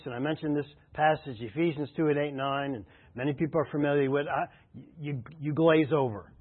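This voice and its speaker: A man preaching a sermon as a pastor, emphatic and repeating his key phrases. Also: a little high. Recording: tinny phone-like radio sound.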